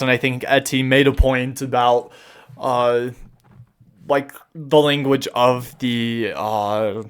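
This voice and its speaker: Male podcast co-host, casual and halting, mid pitch. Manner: hesitant, many fillers. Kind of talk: casual chat.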